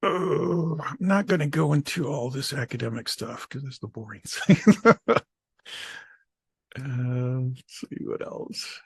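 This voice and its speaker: A man giving a program presentation, speaking in a halting way with frequent filler pauses. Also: mid-range voice, steady tone, slightly rough, dry recording, studio quality. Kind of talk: conference presentation.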